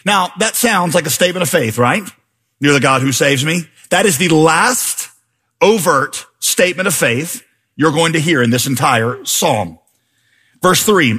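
Husky animated pastor preaching. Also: male voice, a little high, a little slow. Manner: animated, rising to near-shouts reading scripture. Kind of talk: sermon.

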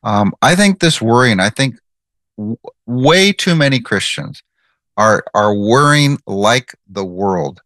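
A man's voice: mid-range voice, expressive, slow, fairly bright tone, no echo. A man leads a devotional Bible teaching in an earnest, emphatic way. His voice swings freely up and down as he presses his points and repeats key lines. The sound is dry, with no room around it.

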